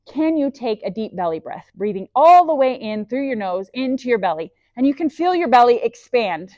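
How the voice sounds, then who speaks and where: A woman's voice: a little high, big pitch swings, normal speed, warm tone, dry recording, lo-fi sound. A woman leading a guided breathing lesson, enthusiastic and encouraging, mixing body facts with faith, speaking into a clip-on mic. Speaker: breathwork instructor. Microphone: clip-on microphone.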